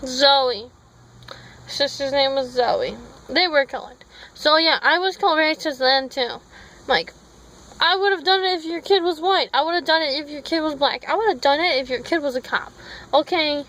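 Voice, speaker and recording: Woman, high-pitched, rambling vlog talk, frequent self-corrections, phone recording. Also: moderate pace, fairly bright tone, poor audio. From Minnesota. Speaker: vlogger. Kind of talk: casual storytelling vlog.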